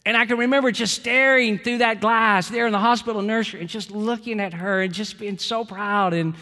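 High-voiced pastor preaching in a hall. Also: male voice, fairly even intonation, a little fast, sharp tone. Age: middle-aged. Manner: earnest, repeats phrases, storytelling. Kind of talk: sermon.

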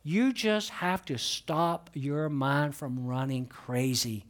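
A middle-aged man preaching a sermon in church as pastor, emphatic and building in intensity, asking the congregation questions and calling for their responses. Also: slow. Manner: emphatic, rising in pitch and volume as he preaches. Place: church sanctuary.

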